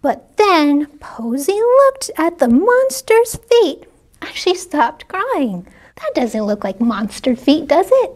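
A woman reading a children's story aloud in a gentle, exclamatory way, often pausing to ask young listeners questions. Her voice is high and her pace is slow and unhurried. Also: big pitch swings. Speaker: children's librarian.

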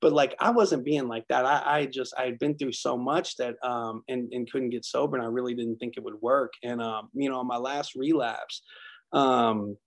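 Gravelly man telling his recovery story. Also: mid-range voice, fairly even intonation. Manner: halting, frequent restarts and fillers; frank, darkly humorous storytelling. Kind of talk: candid personal testimony.

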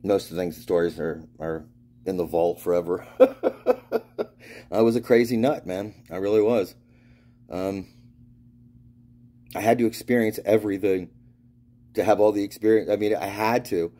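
A man's voice: fairly low pitch, fairly even intonation, moderate pace, pauses often, mellow. A man from Florida in a meandering spiritual monologue, swearing often and laughing through his stories. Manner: meandering, restarts and trails off. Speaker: spiritual vlogger. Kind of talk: rambling monologue.

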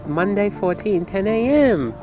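A man's voice: high voice, expressive, measured pace, muffled recording, over music. A man chatting casually on a vlog in a playful, teasing way. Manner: playful, teasing, laughs often. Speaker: vlogger, partner giving surprises.

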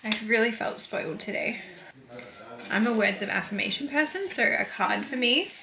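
A woman's voice: a little high, normal speed, vocal fry. A bubbly woman in her thirties chatting casually to camera at home, laughing often. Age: 30s. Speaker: vlogger. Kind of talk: casual vlog chat to camera. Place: at home indoors. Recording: echoey room, noisy background.

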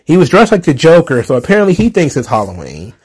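A man's voice: a little high, huge pitch swings, quick pace, a little mellow, slightly rough. A man hosting a casual wrestling recap show, talking loosely with frequent laughs, sarcastic asides and plenty of filler words. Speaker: wrestling commentary podcaster.

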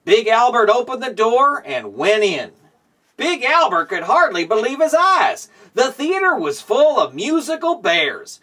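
A man hosting a show and reading a children's storybook aloud in a slow, expressive storytelling way. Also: extremely high pitch, recorded from a distance. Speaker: show host.

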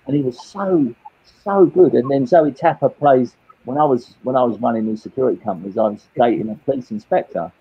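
A Cockney man from England in his late fifties tells his own life story as a guest, candid and rambling, often repeating and restarting his words. His mid-range voice is brisk with a breathy edge, and the sound is lo-fi.

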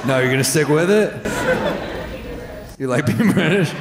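A man's voice: a little high, animated, normal speed. A man doing profane, teasing stand-up crowd work on a comedy club stage, with a handheld mic. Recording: roomy live club with crowd noise.

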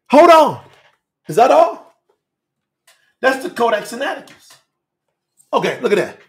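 A man preaching fiery and emphatic to a telethon audience as a scripture teacher, repeating phrases and shouting at times. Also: very high voice, big pitch swings, slow, long pauses.

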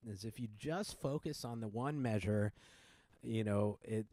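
Relaxed man teaching piano, dry sound. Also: lowish voice, measured pace, dry recording. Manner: relaxed, many fillers and restarts, counts beats aloud. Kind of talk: casual piano tutorial.

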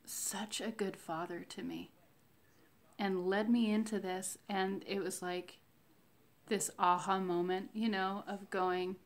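Slow-talking woman with a gravelly fry. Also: medium pitch, flat delivery. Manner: slow, reflective, devotional, with many fillers. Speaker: vlogger sharing a fasting diary. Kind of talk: casual spoken faith diary.

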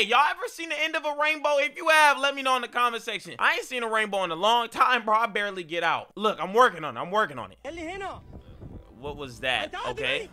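A young man reacting to scary clips, excitable and full of slang, yelping and shouting at the scares. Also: high voice. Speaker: video reaction host.

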